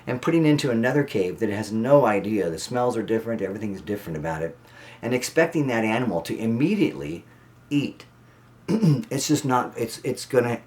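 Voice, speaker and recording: A man's voice: on the low side, darkish tone. A man, a snake breeder, giving a blunt, emphatic class on keeping ball pythons, repeating his instructions. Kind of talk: instructional talk to camera.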